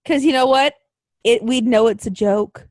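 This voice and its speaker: A woman's voice: fairly high pitch, normal speed, no room sound, clean studio sound. A young woman co-hosting a wrestling podcast, ranting and swearing in exasperated casual chat. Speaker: podcast co-host.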